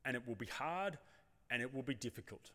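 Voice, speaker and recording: A man's voice: mid-range voice, expressive, a little fast, pushed and bright. A man preaching a sermon, reflective and rhetorical, speaking in a church. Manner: reflective, rhetorical, acts out voices of the congregation. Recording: long reverb of a church hall.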